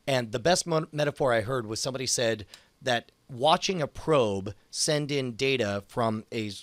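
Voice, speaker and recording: A man co-hosting a podcast, rambling in quick bursts with lots of fillers. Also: mid-range voice, no echo. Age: adult parent. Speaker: podcast co-host. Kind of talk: casual chat.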